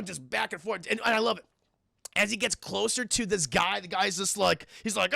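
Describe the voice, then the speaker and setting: A man excitedly recapping a film scene by scene on a live stream, swearing freely and constantly addressing his chat. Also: high-pitched, fast talker, vocal fry, dry recording, clean studio sound.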